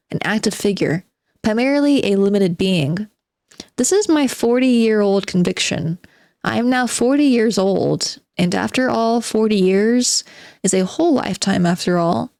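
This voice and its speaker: A woman's voice: medium pitch, no echo, clean studio sound, lightly acted. A woman reading aloud as a spiteful, bitter forty-year-old male recluse who sardonically lectures his listeners. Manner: sardonic, self-mocking monologue addressed to "gentlemen".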